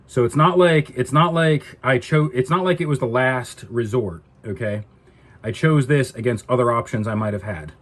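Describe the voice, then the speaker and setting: Exasperated man ranting, husky voice. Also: mid-range voice. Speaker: vlogger. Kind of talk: casual ranting vlog.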